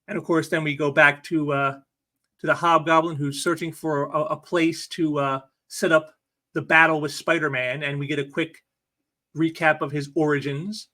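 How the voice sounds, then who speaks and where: A man's voice: a little high, little pitch movement, moderate pace, pushed and bright. A man hosting a casual comic review video, talking in an enthusiastic, chatty way.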